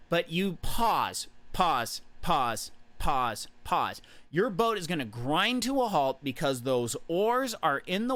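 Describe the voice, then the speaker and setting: Casual swim coach, male, higher register, clear tone, repeats himself and counts beats aloud. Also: fairly bright tone, dry recording. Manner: repetitive, demonstrative, counts out beats.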